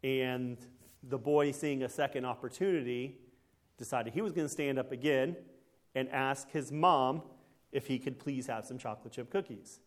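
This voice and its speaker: A man preaching a conversational sermon in a folksy way, often checking in with the congregation through quick tag questions. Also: mid-range voice.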